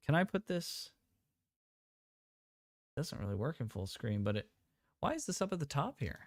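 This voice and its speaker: A young man co-hosting a casual live stream, excitable and quick to exclaim and laugh. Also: fairly high pitch. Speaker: co-host.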